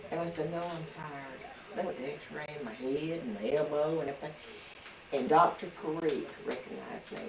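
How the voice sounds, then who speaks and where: Woman, low voice, rambling storyteller, acts out quoted dialogue, distant roomy home video, background noise. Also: gravelly. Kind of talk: casual storytelling.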